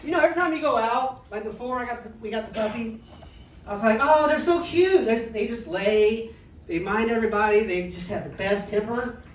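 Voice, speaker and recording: A woman's voice: on the high side, a little fast, far from the mic, a little hiss or hum. A woman performing a casual, self-mocking stand-up comedy set on a club stage and laughing at her own jokes. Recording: echoey club recorded from afar.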